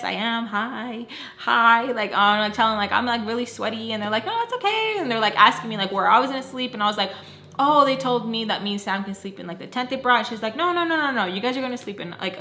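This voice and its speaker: Young woman gossiping through a storytime, bright voice, roomy echo. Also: mid-range voice. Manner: chatty, lots of "like", acts out quoted lines. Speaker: storytime vlogger. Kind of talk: casual storytelling.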